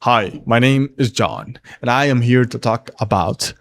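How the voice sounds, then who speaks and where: A man's voice: medium pitch, lively intonation, a little slow, vocal fry, fairly bright tone. A man mocking a stiff, rehearsed guy. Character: stiff, rehearsed man reciting a self-introduction.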